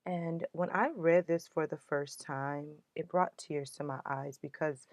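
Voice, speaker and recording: Low-voiced woman hosting an uplifting podcast. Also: steady tone, a little slow, dry recording. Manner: earnest, emotional, uplifting. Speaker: podcast host. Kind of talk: motivational podcast talk.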